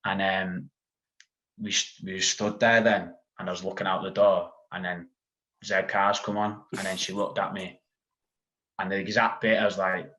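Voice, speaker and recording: A man's voice: low voice, level tone, moderate pace, bright, forceful tone. A man, a podcast guest telling a long story in casual chat, full of "like" and asides. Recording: dull lo-fi sound.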